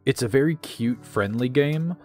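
A man co-hosting a casual gaming video, chatty and quick to yell at the game as he plays. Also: mid-range voice, soft background music. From American South. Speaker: co-host playing a video game.

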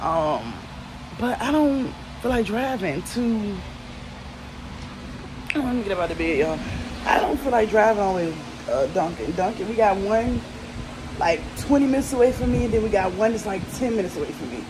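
With background noise behind her, a young woman with a Southern accent records a casual vlog on her phone from bed, speaking bluntly to viewers and swearing often. Her mid-range voice moves at a moderate pace with lively intonation.

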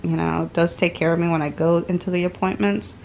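A woman's voice: on the low side, steady tone, brisk, gravelly, a little mellow, lo-fi sound, a little hiss or hum. A woman vlogger resting at home after a medical procedure, sore and telling the story frankly and with animation. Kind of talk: casual chat to camera.

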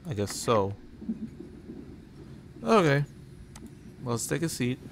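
A man's voice: mid-range voice, big pitch swings, slow, creaky, background noise. A man giving casual, profane, rambling commentary while playing a horror game. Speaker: gaming channel host. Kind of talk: casual let's-play commentary.

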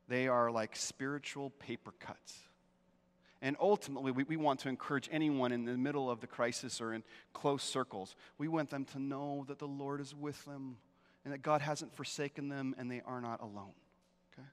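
A man's voice: mid-range voice, normal speed, fairly bright tone, in a large hall. A middle-aged male pastor preaching a sermon in a church, emphatic, repeating key phrases and often checking in with the congregation. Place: church sanctuary.

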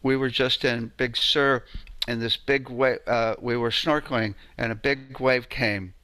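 Slow-talking man teaching sound healing. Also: medium pitch, fairly even intonation, pushed and bright. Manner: conversational, often asks "right?". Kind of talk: informal lecture with anecdotes.

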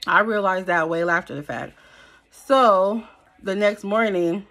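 A young woman telling a personal story to camera in a casual, slangy, animated way. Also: mid-range voice, unhurried. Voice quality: animated, slangy and conversational, with many fillers. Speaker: storytime vlogger.

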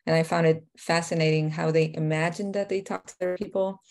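A woman's voice: low voice, steady tone, fairly quick, a little mellow. A woman interviewer asking questions hesitantly, with many fillers. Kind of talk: conversational interview.

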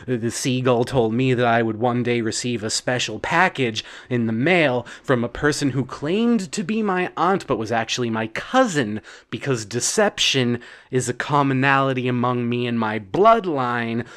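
A man delivering an absurdist comedic monologue, rambling and halting, with stammered restarts. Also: mid-range voice, animated, a bit bright. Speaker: storyteller.

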